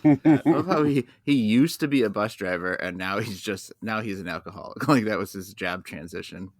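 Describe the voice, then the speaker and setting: A man co-hosting a casual podcast, making dry, deadpan comments. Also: fairly low pitch, moderate pace, dry recording. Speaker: podcast co-host.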